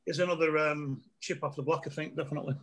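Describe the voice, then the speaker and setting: A man's voice: a little high, steady tone, quick pace. A middle-aged man, a comedian telling funny stories in a casual chat, laughing often and acting out voices. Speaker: comedian guest.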